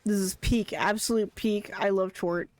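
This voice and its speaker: A streamer giving casual, excitable commentary while playing, chattering along and repeating a favourite name again and again. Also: medium pitch, normal speed, no echo.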